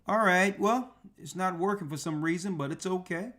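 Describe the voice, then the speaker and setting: High, bright-voiced man hosting slowly. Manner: unhurried, with religious exclamations; thinking aloud while working a computer. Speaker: radio show host. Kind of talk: casual livestream talk.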